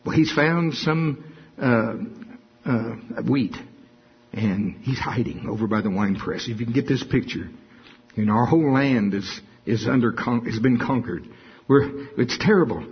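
A man's voice: fairly low pitch, animated, moderate pace, slightly rough. A man preaching a sermon, reading scripture dramatically and acting out the quotes, with chuckles between lines. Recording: dull lo-fi recording.

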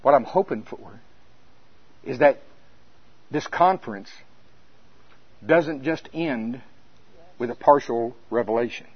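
A man preaching at a conference as a minister, telling stories that swing between hushed and loud. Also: mid-range voice, takes it slowly, pauses often, husky, dry recording. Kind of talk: conference sermon. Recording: dull lo-fi sound.

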